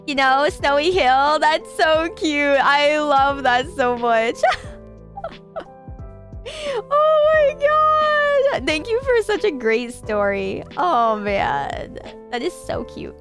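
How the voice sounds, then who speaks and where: A woman's voice: high voice, sing-song, slow, a bit bright, soft background music. A woman hosting a casual stream show, chatting and reading listener stories while gushing and laughing often. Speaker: streamer hosting a call-in style radio show.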